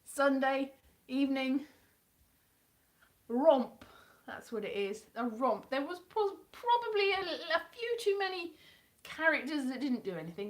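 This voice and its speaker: A woman's voice: high-pitched, big pitch swings, unhurried. A woman chatting casually and rambling on a home live stream, breaking into playful voices to mimic characters. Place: indoors at home.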